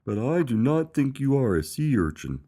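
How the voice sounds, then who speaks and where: A man's voice: mid-range voice, big pitch swings, moderate pace, mellow, pitched above the performer's own voice. A man voicing a literal-minded young male dog who speaks in an earnest, matter-of-fact way.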